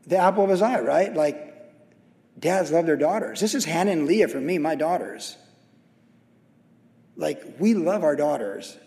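A middle-aged man preaches casually, weaving in funny family anecdotes. His voice sits high, and a long hall reverb trails behind each phrase in the church hall. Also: darkish tone. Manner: conversational, anecdotal and humorous. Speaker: pastor. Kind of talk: sermon.

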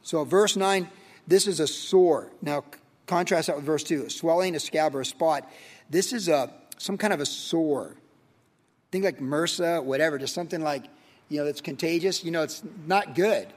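A man's voice: on the high side, normal speed. A man teaching verse by verse as a pastor, reading scripture and then talking it through casually with fillers and rhetorical questions. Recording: long hall reverb.

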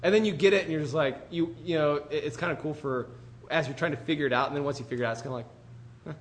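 A man preaching a conversational sermon in an animated, chatty way, full of asides to the congregation. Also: fairly high pitch, rapid-fire, a little hiss or hum.

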